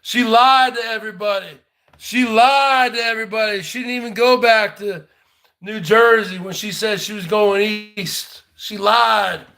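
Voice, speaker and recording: A man doing a comic impression of a brash loudmouth who taunts a rival over and over in shouty bursts. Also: sits high, fairly even intonation, a little slow, full character voice. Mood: taunting. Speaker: parody comedian. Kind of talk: comedic impression rant.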